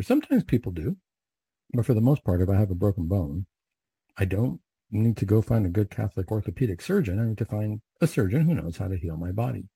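A man's voice: fairly low pitch, lively intonation, fairly quick, dark tone, breathy edge, dry recording. A man leading recited prayers and then giving a conversational, reflective homily.

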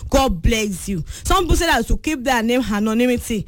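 A woman's voice: a little high, expressive, brisk. A young Nigerian woman with a Yoruba-influenced accent hosting a call-in radio show, chatty and bubbly, slipping in and out of Yoruba. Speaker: radio presenter taking callers. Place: radio studio.

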